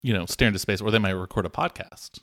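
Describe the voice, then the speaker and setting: A man's voice: on the low side, fast talker, fairly bright tone, no echo, studio quality. A man co-hosting as producer on a comedy podcast, rambling through sarcastic jokes. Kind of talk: joking podcast banter.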